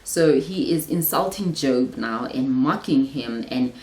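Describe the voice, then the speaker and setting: A woman's voice: extremely low pitch, animated, a little slow, darkish tone, roomy sound, rough recording. A woman hosting a Bible study, who teaches in a casual, earnest way and thinks aloud, often restarting her sentences.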